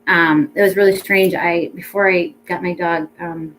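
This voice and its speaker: A woman speaking as a pet psychic medium in a casual reading, chatty and rambling with many ums, gentle and reassuring. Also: on the low side, steady tone, normal speed, a little hiss or hum, poor audio.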